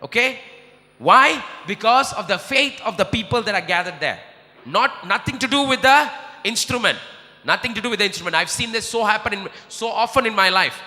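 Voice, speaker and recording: A male preacher delivers an impassioned sermon in a high, very bright voice. He moves between murmured prayer and shouted emphasis. The sound carries a long reverb, as in a large hall. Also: animated, moderate pace.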